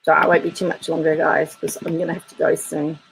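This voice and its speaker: Chatty woman vlogger, slightly low voice, reads viewer comments aloud with dry humor and frequent laughs. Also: little pitch movement, fairly quick, creaky, a little hiss or hum, poor audio. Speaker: YouTube commentator.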